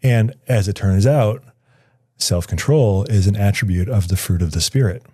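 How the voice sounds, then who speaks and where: Speaking as a guest on an interview show, a writer reflects on a personal story, often restarting sentences as he hunts for the right words. His fairly low voice has a soft, mellow, slightly rough quality at a moderate pace. The recording is close and dry, free of room echo.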